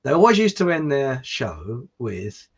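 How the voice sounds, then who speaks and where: Middle-aged livestream host, rambling and chatty, gravelly and husky, lo-fi sound. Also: male voice, mid-range voice, big pitch swings, measured pace. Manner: rambling, chatty, self-mocking. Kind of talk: casual chat and joke telling. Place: warm indoor room.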